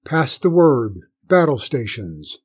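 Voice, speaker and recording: A man's voice: mid-range voice, lively intonation, measured pace, darkish tone, breathy edge. A man voicing a stern, authoritative human space commander who speaks in clipped, commanding tones in a storybook reading.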